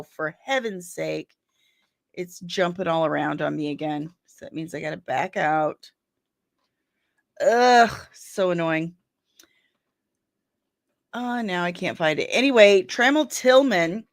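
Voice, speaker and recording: A woman's voice: on the low side, dry recording, studio quality. A woman hosting a daily pop-culture news stream, chatting casually, laughing often and answering viewers' comments by name. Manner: loses her place while searching on screen and grumbles aloud. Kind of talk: casual live-stream chat about entertainment rumors.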